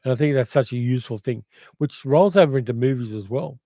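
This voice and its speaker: A man's voice: medium pitch, fast, warm tone, dry recording. An older man with an educated Australian accent, hosting a casual livestream and reading out viewer comments in a reflective, rambling way. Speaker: livestream host.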